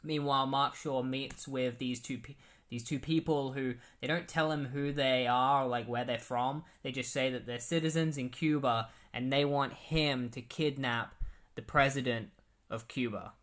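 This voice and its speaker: A man's voice: medium pitch, steady tone, normal speed, fairly bright tone. A man giving a casual, rambling recap of comic books, full of "like" and "um". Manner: rambling, filler-heavy. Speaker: comic book reviewer.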